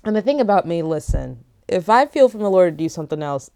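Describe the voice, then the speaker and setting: A woman's voice: lowish voice, very animated, fast talker, warm tone. Rambling young woman podcaster. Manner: rambling, joking, many "like" fillers. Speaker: podcast host. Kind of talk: casual solo podcast chat. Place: lying down at home.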